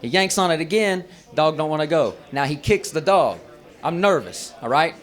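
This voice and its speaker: Male stand-up comic, brash and profane, slightly high voice, live bar set. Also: expressive, moderate pace, fairly bright tone. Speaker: stand-up comedian. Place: bar stage at an open mic.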